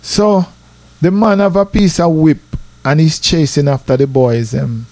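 A man with a Jamaican accent telling a personal story casually, animated and peppered with "you know". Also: measured pace, no echo. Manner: animated, repeats "you know", rises in pitch for drama.

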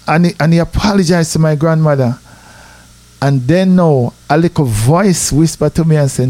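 Brief: Jamaican male storyteller, lively and conversational, slightly high-pitched, dry recording. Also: unhurried, dry recording. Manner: animated, repeats "you know", rises in pitch for drama. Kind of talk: casual personal storytelling.

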